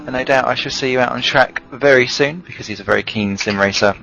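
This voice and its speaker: A man's voice: mid-range voice, quick pace, gravelly, sharp tone, a little hiss or hum. A man doing casual, teasing banter as a sim racing commentator and reading forum posts aloud. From United Kingdom. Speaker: race commentator. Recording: dull lo-fi stream audio with faint music.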